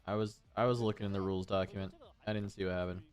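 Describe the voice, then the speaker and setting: A man's voice: sits low, flat delivery, rapid-fire. A man commentating live on a card game tournament, laid-back and thinking aloud.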